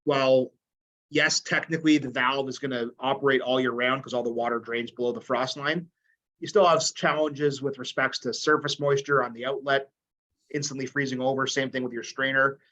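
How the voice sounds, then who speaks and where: A man's voice: mid-range voice, fairly even intonation, a little fast, bright, forceful tone, poor audio. A man from Canada, speaking as a webinar panelist in a mid-range voice. He answers casually, often dropping in "like".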